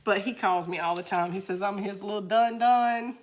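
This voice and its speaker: Speaking at normal speed with a medium-pitched voice, a woman with a Southern US accent runs a crafting livestream. She keeps things casual, reads viewers' comments aloud and laughs a lot.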